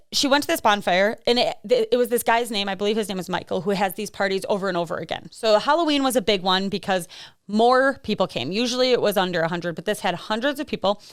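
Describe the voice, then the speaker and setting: Chatty woman, smooth dry voice. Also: mid-range voice, lively intonation, quick pace, dry recording. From American Midwest. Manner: rambling and chatty, laughs often, many fillers. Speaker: podcast co-host. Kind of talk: casual true-crime chat.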